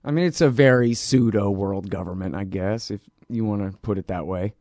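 A man's voice: lowish voice, brisk, a little mellow, dry recording. A man hosting a political talk show, talking in a casual, rambling and sarcastic way. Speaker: radio show host.

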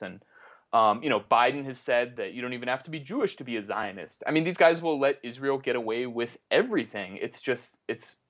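A man speaking as a guest in a political interview, talking in a halting way with many restarts. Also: mid-range voice, muffled recording. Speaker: guest journalist.

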